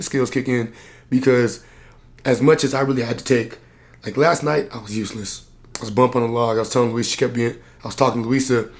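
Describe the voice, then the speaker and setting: A man who works as a coach, talking candidly to camera in a vlog, earnest and reflective, and tired and low on energy. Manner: earnest, reflective, plain-spoken with many "like" fillers. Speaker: personal development coach and vlogger.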